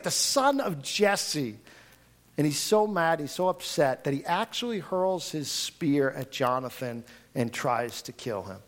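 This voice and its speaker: A man preaching a sermon, reading scripture aloud and retelling the story in an animated, conversational way with frequent restarts. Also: mid-range voice. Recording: audio recording of a talk.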